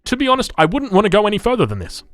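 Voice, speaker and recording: An Australian man goes through game patch notes on a live stream, answering his chat with quick chuckles. His pitch swings widely, and the sound is dry and close. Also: huge pitch swings, fairly bright tone, no echo, faint music behind. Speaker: gaming streamer.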